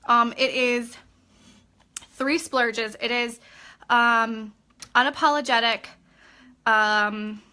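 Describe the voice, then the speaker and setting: A woman leading a live video training for her sales team in an energetic, chatty way, often checking in with "okay?". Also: a little high, very slow, long pauses, clean tone. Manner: acts out customer chats in a bubbly voice. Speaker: direct sales team leader.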